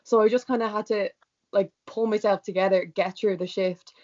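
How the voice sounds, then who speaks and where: A woman's voice: mid-range voice, steady tone, normal speed, darkish tone. A young Irish woman telling a personal story in a casual interview, talking with lots of "like" and acting out what people said to her. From Ireland. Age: young adult. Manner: chatty, peppered with "like", acts out quoted dialogue. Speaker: student guest. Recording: dull lo-fi sound.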